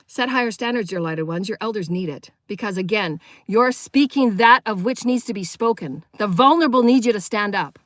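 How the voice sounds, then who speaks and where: A woman's voice: medium pitch, fairly quick, few pauses, a bit bright, dry recording, studio quality. A woman giving a live spiritual sermon, preaching emphatically and firing rhetorical questions at her listeners. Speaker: spiritual teacher.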